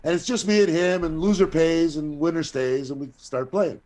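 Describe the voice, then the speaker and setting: An older man, an actor and guest, telling a long anecdote in a casual, profane, animated way. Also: fairly high pitch, moderate pace. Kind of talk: casual storytelling.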